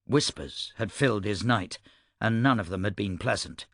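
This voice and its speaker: A man reading an audiobook in steady, even scripted narration. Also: on the low side, moderate pace, no room sound, studio quality.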